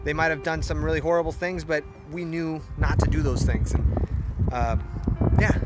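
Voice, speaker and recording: A man's voice: on the high side, fairly even intonation, moderate pace, loud music behind the voice. A young man vlogging outdoors at a muddy wildlife preserve, a little out of breath, talking into a phone held at arm's length, rambling and frustrated, then wistful. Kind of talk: casual outdoor selfie vlog.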